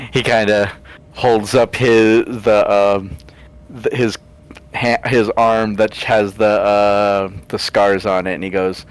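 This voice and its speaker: Male player, lowish voice, halting and amused while he narrates his character. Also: flat delivery, clean tone, poor audio. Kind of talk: tabletop role-play, in character.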